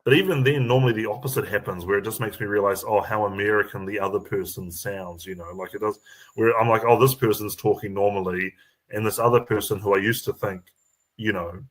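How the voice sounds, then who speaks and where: A man's voice: lowish voice, steady tone, fast, a bit bright. A man with a New Zealand accent chatting as a comedy guest, rambling, with lots of ums and restarts. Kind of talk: casual chat.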